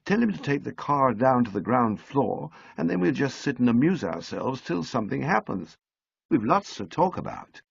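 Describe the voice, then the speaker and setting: A man reading an audiobook, voicing a kind, decisive young woman who talks in a brisk, teasing way. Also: medium pitch, sing-song, gravelly, husky, dry recording, highs cut off, pitched above the performer's own voice, exaggerated voice. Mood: kindly. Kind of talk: audiobook character voice.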